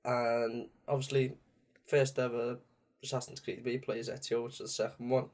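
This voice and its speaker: A young man co-hosting a podcast, chatting about games in a lively way, laughing often and cutting in mid-sentence. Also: medium pitch, normal speed. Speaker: podcast co-host. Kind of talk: casual chat about video games.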